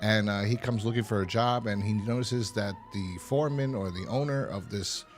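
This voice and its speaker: A man's voice: on the low side, moderate pace, faint music behind. A man co-hosting a podcast, chatting casually and rambling through stories with frequent laughs. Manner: rambling storyteller who laughs often. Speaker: podcast co-host. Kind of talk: casual review chat.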